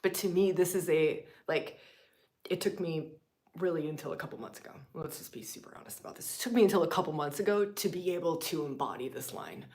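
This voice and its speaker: A woman's voice: lowish voice, fairly quick. Woman teaching in swinging whispers and bursts. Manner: swings between loud emphatic lines and hushed whispers; repetitive, profane and emphatic. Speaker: spiritual teacher hosting a live session. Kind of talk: impassioned spiritual teaching on a livestream.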